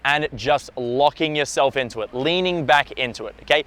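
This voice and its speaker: A man's voice: mid-range voice, normal speed, fairly bright tone. A man with an ordinary mid-range voice talks straight to camera like a dating coach. He is blunt and emphatic and keeps punctuating his points with a checking "okay?". He swears casually now and then. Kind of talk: instructional talk to camera.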